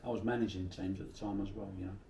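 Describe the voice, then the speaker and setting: A man's voice: lowish voice, fairly even intonation, very fast, mellow, roomy sound, far from the mic, a little hiss or hum. A middle-aged man from Bermondsey with a South London accent, telling salty stories in a casual interview. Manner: chatty, salty, swears freely while telling anecdotes.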